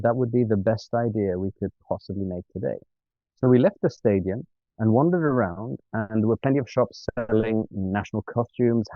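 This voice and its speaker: A man, an interview guest, telling a funny travel story in a lively, self-mocking way and acting out the dialogue. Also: medium pitch, no room sound. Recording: dry, tinny phone-like sound.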